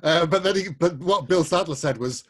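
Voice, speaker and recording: A man's voice: on the high side, moderate pace, slightly rough. A man co-hosting a casual film review chat, telling stories and acting out quoted lines. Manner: chatty storyteller, acts out quotes. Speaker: podcast co-host.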